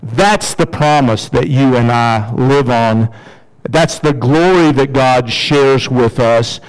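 A man preaching a sermon as pastor, in a conversational, emphatic way, with sudden rises in pitch for emphasis. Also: takes it slowly, low-quality recording.

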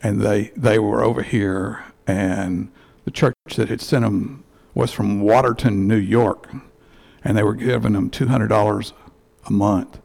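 A man, a church elder telling a heartfelt story in a sermon, halting and restarting as he goes, on a headset mic. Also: lowish voice, steady tone, vocal fry, a little mellow.

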